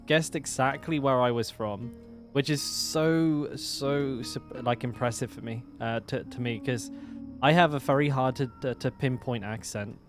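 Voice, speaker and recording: A man's voice: medium pitch, unhurried, faint music behind. An English man with a West Country accent, chatting casually to his live-stream viewers, rambling and swearing now and then. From England. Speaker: game streamer.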